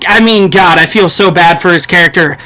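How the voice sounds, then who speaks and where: A man co-hosting a casual podcast about films, animated as he retells scenes. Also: high voice, brisk. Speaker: podcast co-host. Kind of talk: casual film discussion.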